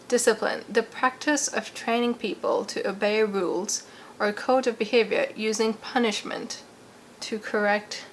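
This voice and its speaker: A woman's voice: mid-range voice, a little hiss or hum. A woman with a put-on British accent, talking playfully and mocking herself in a casual vlog. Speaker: YouTuber.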